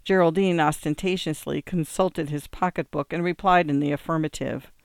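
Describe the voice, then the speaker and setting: A male narrator reads a classic tale in a measured, even storytelling manner. His voice is smooth and resonant. The recording is dry and close to the mic. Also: a little high, dry recording. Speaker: audiobook narrator. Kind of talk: scripted narration.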